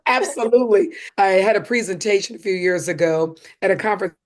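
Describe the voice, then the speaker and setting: A woman communication coach speaking as a podcast guest. She talks with animated emphasis and often acts out little spoken examples to make her point. Her voice sits in a middle range for a woman. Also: medium pitch, quick pace.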